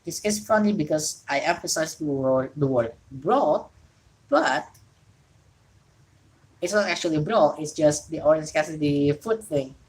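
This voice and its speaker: A woman's voice: sits low, animated, moderate pace, rough recording. A woman from Indonesia, an English speaker, hosting a casual solo wrestling talk show from home and rambling with frequent self-corrections. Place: home during rain.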